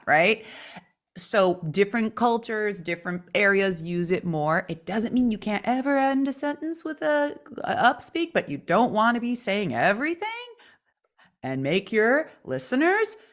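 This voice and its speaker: Medium in pitch and moderate in pace, this woman is a California voice coach co-hosting a casual podcast. She talks expressively, shaping her intonation to get her points across by demonstration.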